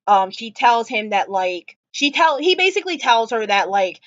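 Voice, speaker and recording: A woman's voice: on the high side, very animated, moderate pace, a bit bright, no room sound, muffled recording. A woman vlogger sitting on the floor at home, gushing and rambling about a TV episode with lots of fillers. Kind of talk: casual chat.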